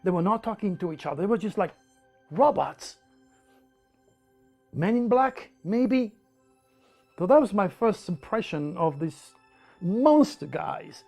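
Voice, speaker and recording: French-accented man, high voice, animated storyteller, faint music behind. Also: measured pace, vocal fry, pauses often. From France. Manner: animated, emphatic, with repetitions and laughs. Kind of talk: personal storytelling monologue.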